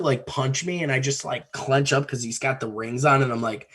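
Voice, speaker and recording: A man's voice: medium pitch, normal speed, husky. A man from Connecticut hosting a podcast, telling a wild story in a casual, profane way, laughing as he goes. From Connecticut, USA. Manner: profane, animated, laughs through his story. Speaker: podcast host.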